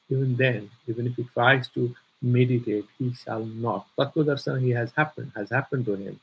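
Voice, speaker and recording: A man's voice: medium pitch, breathy edge, poor audio. A man teaching a scripture class, explaining commentary and searching aloud for words. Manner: searches aloud for words, many fillers, stresses key terms.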